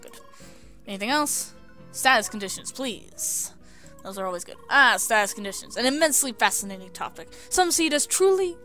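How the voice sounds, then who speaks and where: Bright-voiced young woman reading game tutorials. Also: mid-range voice. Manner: reads game tutorial text aloud with casual asides. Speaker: let's play host. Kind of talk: video game commentary.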